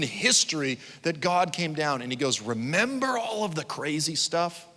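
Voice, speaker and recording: Bright-voiced, animated male preacher in a hall. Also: a little high, moderate pace. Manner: animated storyteller, acts out quotes with sudden shouts. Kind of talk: conference sermon.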